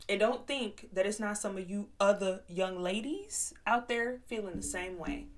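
A woman vlogger telling a personal story and giving commentary in a blunt, profane, emphatic way, swinging from hushed to loud. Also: mid-range voice, expressive, normal speed, hardly any pauses, a little hiss or hum. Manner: switches between hushed and loud emphatic delivery.

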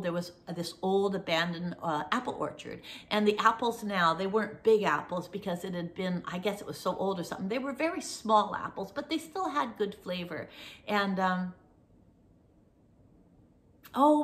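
A middle-aged woman hosting a casual chat, telling a childhood story in a rambling, animated way and dropping to a whisper for the suspenseful parts. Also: medium pitch. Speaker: host.

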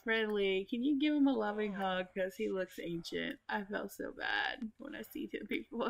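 Chatty, gravelly-voiced woman gamer. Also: medium pitch, unhurried, a bit bright. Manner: chatty, swears a lot, laughs often, talks to the game. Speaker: gaming YouTuber. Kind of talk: casual let's play commentary.

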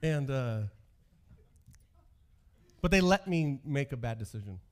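A man's voice: mid-range voice, lively intonation, slow pace. A pastor in his thirties delivers a sermon in an ordinary mid-range male voice. He tells stories from his own youth and pokes fun at himself as he goes. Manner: storytelling with self-deprecating humor.

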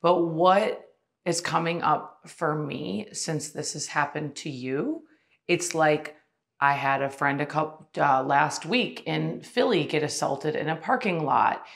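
Woman, podcast host, deep voice, supportive, reflective. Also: measured pace, creaky. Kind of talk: interview conversation.

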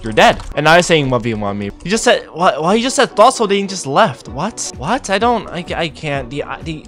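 A man's voice: mid-range voice, fairly bright tone. A young man giving gameplay commentary, exasperated and incredulous, tossing "bro" into most lines. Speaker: gaming YouTuber.

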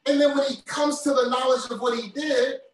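A man's voice: very high voice, fairly even intonation, fairly quick. A man preaching a sermon, driving his points home emphatically and repeating key phrases. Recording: very echoey, from far off.

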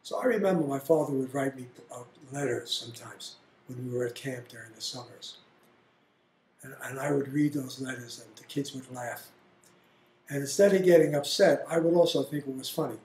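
A man's voice: medium pitch, fairly quick, a little hiss or hum. Blunt older man telling stories, roomy. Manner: animated, blunt storyteller. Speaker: interviewee. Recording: roomy echo.

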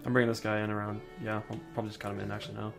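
Brash fast-talking young man. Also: lowish voice, level tone, gravelly, over music. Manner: brash, joking, swears freely. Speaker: gameplay commentator. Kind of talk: casual let's-play chat.

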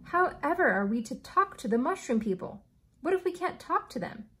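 A woman's voice: high-pitched, very animated, moderate pace, sharp tone, full character voice. A woman reading aloud as a worried young boy asking earnest questions.

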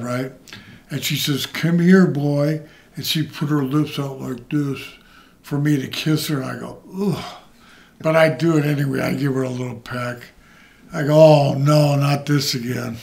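A man's voice: mid-range voice, vocal fry. An older man, a retired wrestler, telling rambling and profane anecdotes in an interview. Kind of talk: shoot interview storytelling.

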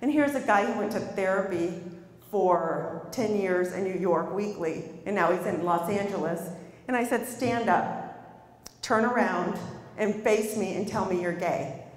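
Middle-aged woman life coach on stage, lively storytelling, long hall reverb. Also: medium pitch, measured pace. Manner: storytelling, animated, asks the audience questions. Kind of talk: motivational talk to an audience.

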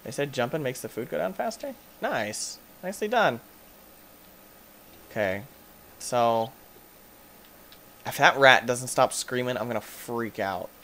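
Man, gaming channel host, let's play commentary, very lively pitch, excitable, panicky yelps at monsters. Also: unhurried, pauses often, a little hiss or hum.

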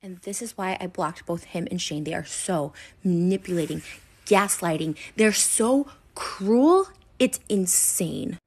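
A woman's voice: fairly low pitch, animated, a little slow, slightly rough. A woman in an emotional rant straight to camera, upset and hurt, rambling with lots of "like" and restarts. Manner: rambling, filler-heavy, restarts and repeats. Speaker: internet personality.

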